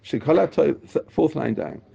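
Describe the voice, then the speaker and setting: A man giving a religious lecture with a deeply gravelly, dark voice. His pitch swings widely as he presses his points, circling back and repeating phrases. The recording sounds muffled and lo-fi. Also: normal speed, a little hiss or hum. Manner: animated, repetitive, emphatic. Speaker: Torah teacher.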